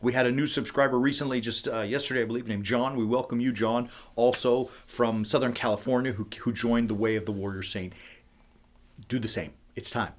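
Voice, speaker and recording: Male ministry leader, mid-pitched voice, casual devotional livestream, animated chatty delivery with big swings between loud and soft. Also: fairly quick. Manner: animated and conversational, with many fillers like "like" and "you know".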